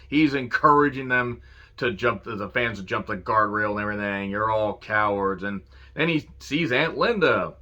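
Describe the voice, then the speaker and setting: A man giving a casual solo review of a wrestling show, cursing freely, laughing and quoting promo lines with excitement. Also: mid-range voice, moderate pace, highs cut off. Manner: profane, enthusiastic, laughs and quotes lines.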